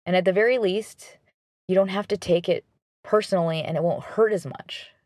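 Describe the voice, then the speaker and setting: A woman hosting a relationship advice talk, guiding the listener through a reflection in a calm, instructive way. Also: on the low side, moderate pace, no echo, studio quality.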